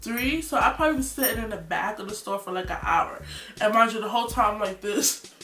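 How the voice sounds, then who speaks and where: A woman in her twenties from New York, telling a storytime vlog story in an animated, slangy way and acting out scenes. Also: medium pitch, fairly quick, recorded from a distance, slight background noise. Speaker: vlogger. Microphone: phone or tablet camera. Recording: roomy, off-mic, faint music.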